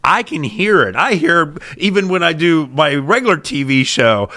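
A man with a Pittsburgh accent, co-hosting a podcast in casual chat, rambling and animated as he tells stories. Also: a little high, normal speed. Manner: rambling, animated storytelling with restarts. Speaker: podcast co-host.

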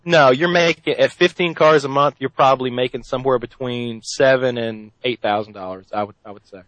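A man's voice: medium pitch, fairly even intonation, a little fast, a bit bright, no echo, rough recording. A podcast host with a mid-range voice who chats loosely and jokes around. He rambles a little and restarts his sentences. The sound is close and dry. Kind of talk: casual chat.

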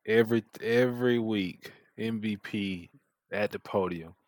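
Male podcast co-host, easygoing banter, low voice, dry sound. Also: a little mellow, no room sound. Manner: laid-back, joking, quick laughs. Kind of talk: casual podcast chat.

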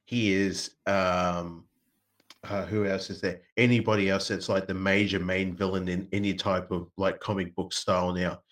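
Slightly low-voiced joking man. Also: flat delivery, normal speed, a bit bright. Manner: playful, swears freely, slips into mock voices. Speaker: podcast co-host. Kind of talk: casual wrestling chat.

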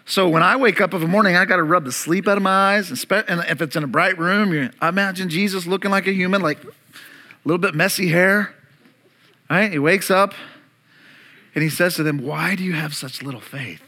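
High, bright-voiced animated man preaching. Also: brisk. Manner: animated preaching, acts out disciples' panic and Jesus' calm. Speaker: pastor. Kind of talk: sermon. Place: church room.

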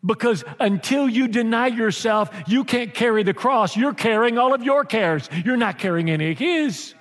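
A pastor preaching a sermon in an animated, humorous way, acting out voices. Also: male voice, very high voice, moderate pace. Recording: church hall with long reverb.

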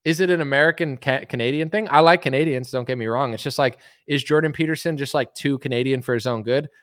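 A man's voice: mid-range voice, quick pace, fairly bright tone, dry recording, studio quality. A man ranting in casual political commentary, rambling with lots of "like" and mocking impressions. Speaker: commentary streamer.

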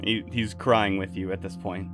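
A man narrating a tabletop game as game master, in a measured, dramatic way. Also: sits low, steady tone. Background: music.

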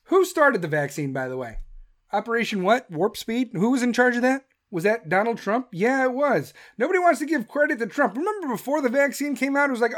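A woman's voice: mid-range voice, expressive, brisk. A woman in her thirties giving an angry, sarcastic political rant full of swearing and mocking put-on voices. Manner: mocks others in put-on voices. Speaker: political commentator.

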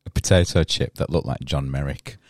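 A man's voice: a bass voice, fairly even intonation, a little fast, a little mellow, no room sound, studio quality. A man co-hosting a podcast, teasing and laughing through casual banter. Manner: playful, teasing, laughs often. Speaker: podcast co-host.

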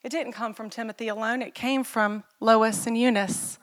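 A woman's voice: on the high side, steady tone, moderate pace, clear, resonant tone. Earnest middle-aged woman pastor preaching. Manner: earnest, personal storytelling with rhetorical questions. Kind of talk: sermon.

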